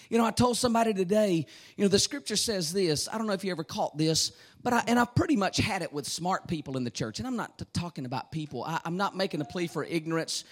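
A man preaching a fervent sermon, repeating phrases and breaking into shouts. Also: high-pitched, brisk.

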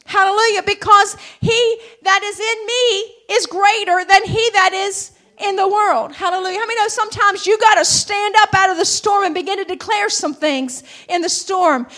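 Woman preacher, very high voice, builds to fervent shouts, hallelujah calls. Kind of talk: sermon.

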